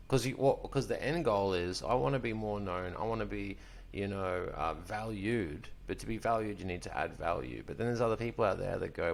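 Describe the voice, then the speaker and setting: A young man with a low, gravelly voice that keeps dropping into fry. He hosts a relaxed podcast chat, swearing often and calling his guest bro as he tells his stories. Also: fairly quick. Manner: profane, animated storyteller, says bro a lot. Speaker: podcast host. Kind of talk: casual chat.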